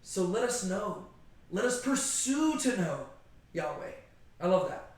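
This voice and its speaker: A man giving a casual, animated Bible study talk, chatty and conversational, often checking in with "right?". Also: high-pitched, unhurried. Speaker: Bible teacher. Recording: very echoey room.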